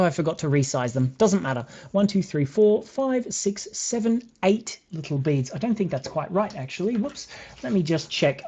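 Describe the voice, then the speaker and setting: A man's voice: fairly high pitch, darkish tone. A man with a British accent hosting a live beading tutorial, chatting to viewers and counting beads aloud as he works. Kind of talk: live craft tutorial, casual chat. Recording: slightly dull lo-fi sound.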